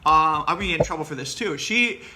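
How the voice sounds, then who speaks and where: A man's voice: on the high side, lively intonation, fast, background noise. A man giving blunt, opinionated political commentary to a class in a casual, rambling way, full of fillers and restarts. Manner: blunt, opinionated, laughs at his own jokes. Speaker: professor.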